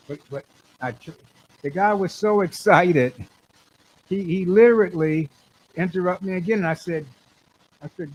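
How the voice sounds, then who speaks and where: A man's voice: sits high, moderate pace, pauses often, a little mellow, poor audio. A man, a singer-songwriter, telling a rambling story in a casual monologue, often restarting and acting out what he said. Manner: rambling, repeats himself and restarts, acts out his own quoted words.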